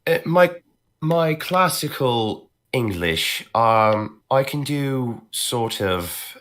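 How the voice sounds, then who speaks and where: A man's voice: medium pitch, lively intonation, very slow, a bit bright. A man who is a voice actor, chatting casually on a podcast, laughing often and using many fillers and restarts. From northern United States. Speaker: voice actor guest.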